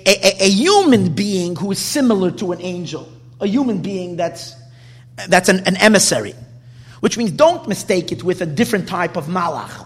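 A man's voice: high voice, long reverb tail. A man giving a Torah class, posing questions and restarting his sentences as he teaches. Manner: animated, questioning, restarts often.

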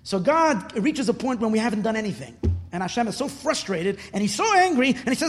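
A man giving an impassioned sermon as a religious teacher, repeating words for emphasis and swelling toward shouts. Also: high-pitched, very animated, fairly quick. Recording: long reverb in a hall.

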